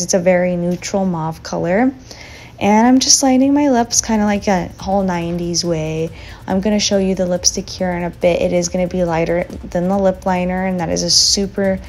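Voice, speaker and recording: A young woman talking through a makeup tutorial in a chatty, relaxed, slightly slow and sleepy voiceover recorded as a voice memo. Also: on the low side, slight background noise. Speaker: beauty vlogger.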